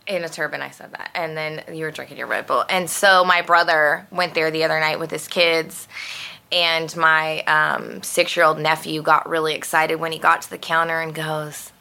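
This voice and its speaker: A woman co-hosting a casual chat, telling animated, profane stories about her family. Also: sits low, moderate pace, gravelly.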